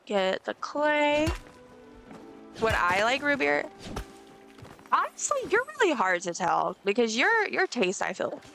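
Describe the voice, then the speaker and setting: A woman's voice: fairly high pitch, huge pitch swings, moderate pace, vocal fry, sharp tone, faint music behind. A young woman from the States, chatting casually and rambling with lots of fillers while she plays a game on a live stream. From Southern United States.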